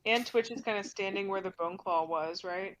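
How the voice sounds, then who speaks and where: A woman's voice: medium pitch, moderate pace, a bit bright. A woman playing a tabletop role-playing game, chatting and speaking for her character. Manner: talks through her character in third person, chatty. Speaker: player. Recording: dull lo-fi mic.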